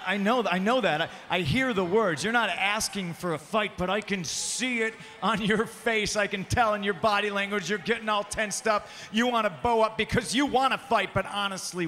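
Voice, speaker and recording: A man, a pro wrestling champion, cutting a mocking arena promo and often shouting into a handheld microphone. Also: high voice. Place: large arena. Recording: long arena reverb with faint background noise.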